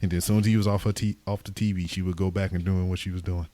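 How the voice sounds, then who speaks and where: A man hosting a podcast, telling stories in casual chat with lots of swearing and animated retelling. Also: deep voice, very fast. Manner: profane, animated storytelling. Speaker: podcast host.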